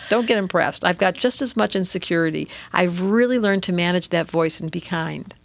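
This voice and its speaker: A middle-aged woman speaking as an interview guest, lively and expressive, often acting out inner voices and laughing. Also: lowish voice, a little fast, vocal fry, no room sound. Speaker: guest, astrologer and author. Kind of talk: animated interview talk.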